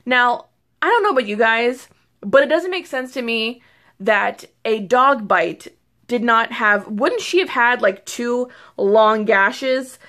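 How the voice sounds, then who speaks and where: A young woman beauty vlogger chatting casually to camera, excitable and rambling, full of fillers and restarts. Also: a little high, takes it slowly. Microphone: phone or camera mic.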